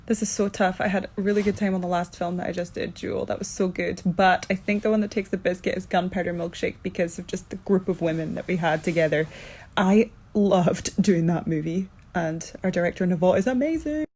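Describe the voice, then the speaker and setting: A woman's voice: brisk, a little hiss or hum. Sleepy chatty Scottish woman. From Scotland. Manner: chatty, with lively upward jumps in pitch. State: low energy, half asleep. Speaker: actor answering fan assumptions. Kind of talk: casual chat. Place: indoors at home, in one room.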